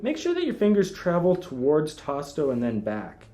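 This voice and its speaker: A man explains guitar technique in an easygoing, conversational way, his pitch rising and falling freely as he talks. Clear guitar playing sits behind his voice, and he sounds like a teacher who is demonstrating as he speaks. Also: moderate pace. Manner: relaxed, talks while demonstrating, counts fingerings aloud. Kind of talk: casual spoken lesson. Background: guitar music.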